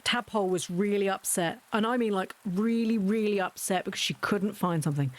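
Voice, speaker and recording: A woman's voice: medium pitch, fast talker, hardly any pauses. A woman talks casually to her live chat, spinning stories about her home life. Her tone is chatty and self-mocking. Faint music sits under her voice. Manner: chatty, self-deprecating, storytelling. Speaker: livestreamer.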